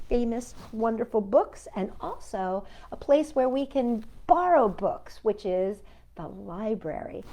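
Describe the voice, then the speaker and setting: High-voiced woman hosting children's storytime. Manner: gentle, talks to a puppet and young viewers. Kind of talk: storytime reading and sing-along for children.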